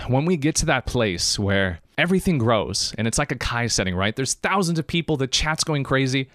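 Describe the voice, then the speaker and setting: A man's voice: mid-range voice, big pitch swings, normal speed, fairly bright tone, dry recording, studio quality. A man hosting a live-streamed podcast monologue, emphatic and choked up, repeating phrases for emphasis. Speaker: podcast host.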